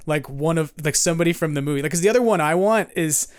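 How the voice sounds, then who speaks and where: A man hosting a podcast, chatting casually with quick asides and frequent laughs. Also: fairly high pitch, clean tone, no echo, clean studio sound. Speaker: podcast host. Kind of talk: casual chat.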